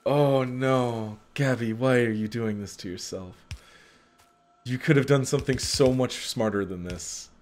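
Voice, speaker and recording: A young man hosting a gaming channel gives casual let's play commentary on his own gameplay, muttering in frustration at his mistakes. His medium-pitched voice is unhurried.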